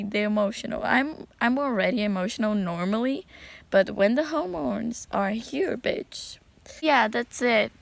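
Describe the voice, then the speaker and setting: Slow-talking gravelly young woman vlogger. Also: medium pitch. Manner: rambling, chatty, says "you know" a lot. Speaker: book vlogger. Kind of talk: casual chat.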